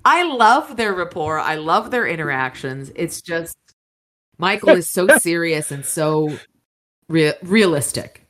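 A woman's voice: lowish voice, lively intonation, unhurried, fairly bright tone. A woman hosting a casual book discussion, retelling the story with enthusiasm. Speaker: podcast host.

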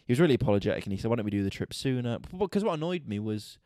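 A man hosting a podcast, telling a story in an exasperated, sweary, animated rant. He is a stand-up comedian talking casually. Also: mid-range voice, racing, no echo, studio quality. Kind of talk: casual ranting monologue.

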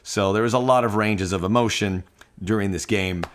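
A man hosting a soccer podcast, telling a heartfelt personal story with animated quoted dialogue. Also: lowish voice, moderate pace. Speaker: podcast host.

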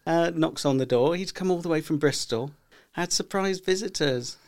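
A man's voice: on the high side, moderate pace. A middle-aged man co-hosting a podcast, rambling through stories in casual chat and acting out what people said. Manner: rambling storyteller, acts out quotes. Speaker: podcast co-host.

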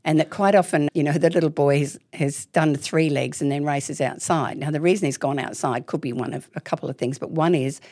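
A low-pitched middle-aged woman talks candidly and with emphasis. Her voice sits close and dry. She often slips into little acted voices to make her point. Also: fairly even intonation, brisk, few pauses, a little mellow, no echo. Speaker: parenting expert guest. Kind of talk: casual interview chat.

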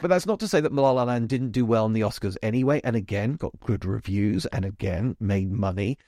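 A man's voice: on the low side, fairly quick, background noise. A man hosting a podcast, talking casually and emphatically about musicals with chatty asides. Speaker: podcast host. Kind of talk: casual chat monologue.

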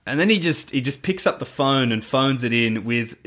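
Male co-host, animated and emphatic, mid-pitched, casual podcast talk. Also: moderate pace. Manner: animated, emphatic, swears freely. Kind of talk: casual film chat.

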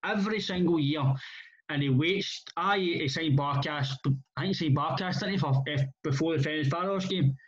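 In muffled lo-fi audio, a Scottish man with a fairly high voice talks football casually at a moderate pace. He is blunt and rambling, swears freely, and keeps restarting his sentences.

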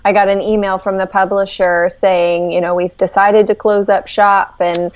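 A woman's voice: medium pitch, flat delivery, moderate pace, no room sound, highs cut off. A woman author answering interview questions, often hesitating and repeating a word as she starts a thought. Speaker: author guest.

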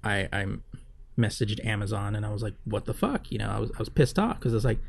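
A man's voice: lowish voice, fairly even intonation, quick pace, creaky, slight background noise. A man co-hosting a podcast, telling a long story in a casual, rambling way with lots of fillers and swearing. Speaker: podcast co-host. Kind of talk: casual chat.

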